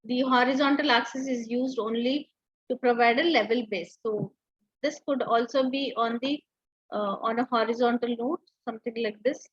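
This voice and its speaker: A woman's voice: fairly high pitch, fairly even intonation, moderate pace, breathy edge, no echo, highs cut off. A woman teacher giving an online lecture, explaining step by step with frequent fillers and restarts.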